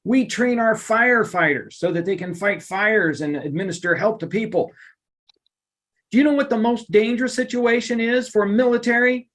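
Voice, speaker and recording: A middle-aged man giving a live online workplace lunch-and-learn, emphatic and animated, repeating phrases for effect. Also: high-pitched, moderate pace. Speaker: workplace trainer and coach.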